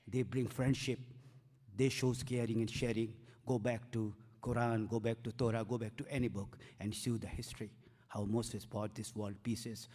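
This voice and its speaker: A man with a mid-pitched voice delivers an impassioned, declamatory speech at a community event. He leans on repeated rhetorical phrases, and a long hall reverb trails his voice. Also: a little mellow.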